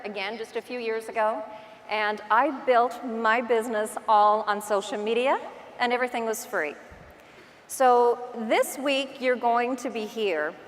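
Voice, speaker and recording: A woman with a Newfoundland accent talks to a large conference crowd in a chatty, self-deprecating way, telling stories as she goes. Her voice sits fairly high. The stage mic picks up a long reverb from the big hall. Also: a bit bright, slight background noise. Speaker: real estate agent giving a conference talk. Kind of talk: conference keynote talk.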